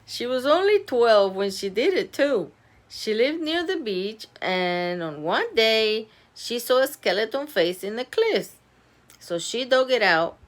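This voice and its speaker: An animated woman reads a children's chapter book aloud at home. Her voice bounces up and down with lively pitch, and she takes her time over every sentence. She often breaks off to giggle and chat about the pictures. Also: a little slow. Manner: animated, giggly, stops to comment on the story. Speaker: storybook reader.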